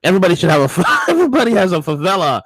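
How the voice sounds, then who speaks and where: A man co-hosting a political talk show, telling stories in a mocking, crude, animated way. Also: high-pitched, rapid-fire, husky, dry recording, low-quality recording. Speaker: co-host.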